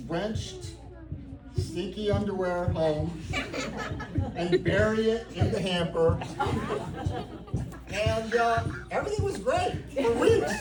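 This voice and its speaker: A man giving a humorous acceptance speech at a jiu-jitsu academy, telling a story with comic timing. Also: sits high. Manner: anecdotal, comic timing, grows sincere. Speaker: black belt receiving promotion giving speech. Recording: echoey room, far from mic, noisy crowd.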